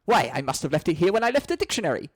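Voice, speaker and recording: A man's voice: high-pitched, sing-song, very fast, dry recording, studio quality. A man reading a screenplay aloud, voicing a foppish, dim young prince who sounds cheery and vague. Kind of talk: screenplay read-through.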